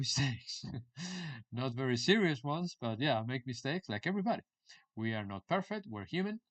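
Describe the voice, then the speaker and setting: A man teaching a live online English lesson, repeating example phrases slowly and laughing at himself now and then. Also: medium pitch, a bit bright.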